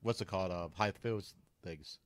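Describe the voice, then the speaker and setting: Low-voiced man in halting casual chat. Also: no echo. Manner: laughs often, halting and searching for words.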